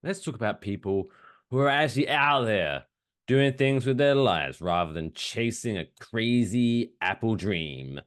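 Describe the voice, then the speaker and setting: A man with a lowish voice and lively intonation co-hosts a casual podcast at a measured pace. He jokes sarcastically about the news, swears freely, and does silly voices.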